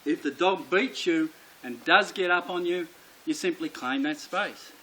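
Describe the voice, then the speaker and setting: A man's voice: fairly high pitch, a little slow, bright, forceful tone, rough recording. A man teaching dog training, speaking bluntly and emphatically and repeating his key points. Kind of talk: instructional explanation to camera.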